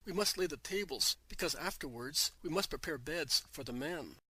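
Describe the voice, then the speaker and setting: A man voicing a gentle, practical woman disciple in a plain, soft reading. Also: on the high side, expressive, moderate pace, slightly rough, no room sound, full character voice.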